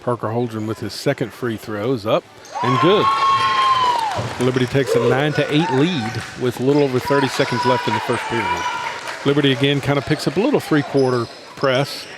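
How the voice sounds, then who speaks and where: A man's voice: mid-range voice, over a noisy crowd, heavy background noise. Man calling basketball play-by-play. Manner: steady running call with quick self-corrections. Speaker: play-by-play announcer. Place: high school gym. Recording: gym ambience and ball bounces.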